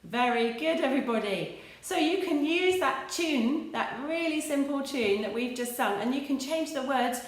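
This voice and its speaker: A woman's voice: high-pitched, expressive, moderate pace, hardly any pauses, far from the mic. An English woman, an early years teacher, leading young children through simple action songs in a sing-song, encouraging way. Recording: echoey room with light music.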